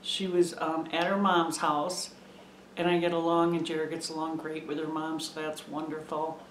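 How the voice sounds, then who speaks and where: A middle-aged homesteading vlogger chats casually to camera from a room at home, meandering and gushing. Her voice sits low with a flat delivery at a moderate pace, in an echoey room with slight background noise.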